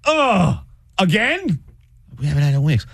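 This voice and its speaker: Comedic bit: male host playing a whiny, high-pitched hungry girlfriend, fed up and demanding. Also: huge pitch swings, quick pace, fairly bright tone, a little hiss or hum, full character voice. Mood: exasperated. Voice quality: high shrill whine. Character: exasperated hungry girlfriend who won't pick food.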